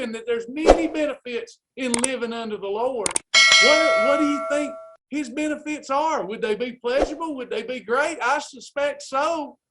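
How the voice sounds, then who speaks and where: A man's voice: very high voice, normal speed, heavy background noise. A man coaching a live weight loss class, urging listeners on in a fired-up, preacherly way. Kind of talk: live class pep talk.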